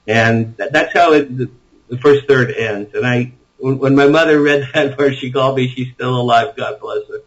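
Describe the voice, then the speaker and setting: A man speaks as an interview guest, eagerly laying out ideas in long runs and restarting his sentences as he goes. His voice sits at a middle pitch for a man. The audio is dull and lo-fi. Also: steady tone, normal speed. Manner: enthusiastic, rambling storyteller with frequent restarts. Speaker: author guest. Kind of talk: interview conversation.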